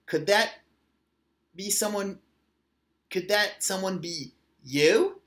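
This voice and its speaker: A man doing a gentle mother otter. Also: sits high, slow. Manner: calm, soothing. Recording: roomy echo.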